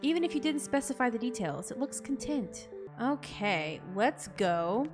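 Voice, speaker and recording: Higher-voiced woman reading game text, jokey. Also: moderate pace, over music. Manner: expressive, jokey, swings into loud disbelief. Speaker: gaming content creator. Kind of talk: reading game text aloud with reactive commentary.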